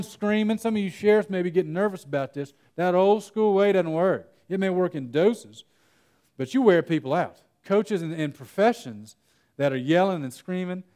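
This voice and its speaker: Male workshop speaker, young, slightly high voice, informal and storytelling. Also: normal speed, a little mellow, smooth. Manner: conversational, storytelling with self-interruptions and laughs. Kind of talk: conference breakout presentation. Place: conference room.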